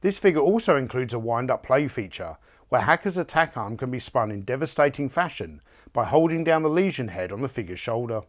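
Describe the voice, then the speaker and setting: A man's voice: medium pitch, brisk. Man narrating a toy review. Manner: even, polished read.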